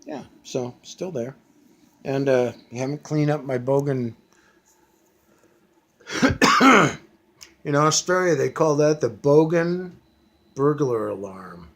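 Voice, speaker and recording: A man's voice: fairly high pitch, very animated, slow pace, pauses often, a bit bright. A man in his fifties ranting casually from a back bedroom at home, blunt and profane, with many fillers. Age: 50s. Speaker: vlogger.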